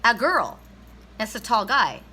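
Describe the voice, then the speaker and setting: A middle-aged woman, an oracle card reader, telling a personal story in a casual livestream, animated and laughing, with some swearing. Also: a little high, measured pace, slight background noise, low-quality recording.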